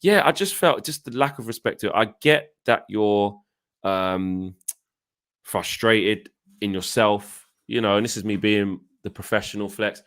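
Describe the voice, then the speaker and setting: A man in a casual fan chat who tells stories in an animated way and acts out his own shouting. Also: lowish voice, unhurried. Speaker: co-host of a fan channel.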